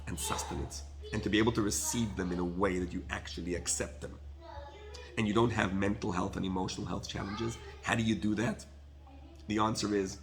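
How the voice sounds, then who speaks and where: Gravelly-voiced rabbi preaching with fervor. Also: male voice, on the low side, fairly bright tone. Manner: impassioned, with rhetorical questions and Hebrew terms. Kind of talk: sermon.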